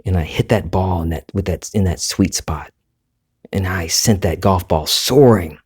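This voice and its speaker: A podcast host from the Southern United States muses through a reflective solo monologue in a low voice with a breathy edge. His pace is moderate, and he sounds relaxed and conversational, rambling and correcting himself along the way.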